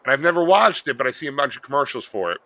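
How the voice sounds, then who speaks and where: A man's voice: medium pitch, sing-song, pushed and bright, no room sound, rough recording. A man co-hosting a podcast, riffing jokily in casual banter. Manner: quick, jokey riffing. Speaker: podcast co-host.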